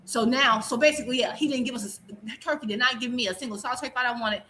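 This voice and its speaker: A high, bright woman talks quickly and emphatically, piling up quoted voices as she rants in a casual panel chat. A faint noise sits under her voice. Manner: fast emphatic ranting with quoted asides.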